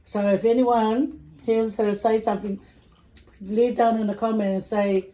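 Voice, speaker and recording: Brief: woman vlog host, casual mealtime chat, mellow tone, giggly asides. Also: mid-range voice, fairly even intonation, a little slow, rough recording. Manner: chatty and giggly, trails off into soft asides. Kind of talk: casual chat while eating.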